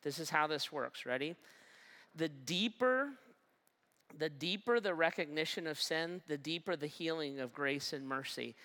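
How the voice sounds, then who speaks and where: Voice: medium pitch, measured pace, pushed and bright. A pastor preaching a sermon with emphasis, repeating phrases and asking the listeners questions. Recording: long hall reverb.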